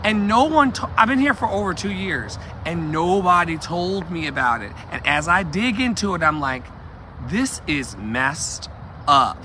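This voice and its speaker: A man's voice: high voice, animated, normal speed, hardly any pauses, sharp tone, slight background noise. A man vlogging outdoors while walking, talking emphatically and repeating himself, with asides to his viewers. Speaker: activist vlogger. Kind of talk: impassioned street vlog.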